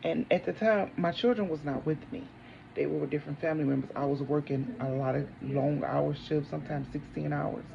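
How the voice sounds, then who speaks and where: Gravelly-voiced testifying single mom. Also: female voice, sits low, steady tone, a little fast, lo-fi sound, noisy background. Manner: preachy, declaring faith, talks to viewers as honey. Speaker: vlogger, single mother. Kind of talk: casual testimony vlog. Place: home, indoors.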